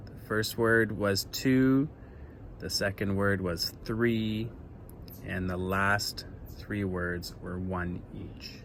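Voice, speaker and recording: A man's voice: on the low side, steady tone, slow pace, a little hiss or hum. A male teacher giving a recorded lesson to young children, speaking patiently with many ums and uhs and a bit of self-deprecating humor.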